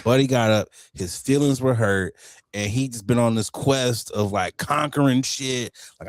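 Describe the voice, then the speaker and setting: A man's voice: medium pitch, moderate pace, no room sound, studio quality. A man co-hosting a casual podcast, joking and laughing often as he talks. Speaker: podcast co-host.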